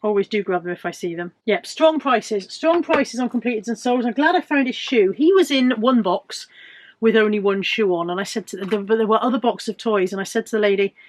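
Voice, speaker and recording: A woman's voice: mid-range voice, a little fast. A woman in her fifties with a British accent, chatting casually and joking at her own expense as she shows off her finds. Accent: British English. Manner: chatty, self-mocking humour. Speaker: reseller vlogger. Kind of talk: casual chat.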